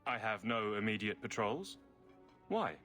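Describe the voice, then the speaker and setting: A stiff, blunt city guard. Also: male voice, lowish voice, very animated, measured pace, a bit bright, soft background music. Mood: formal. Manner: clipped, formal and stiff. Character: reserved male city guard, formal and blunt.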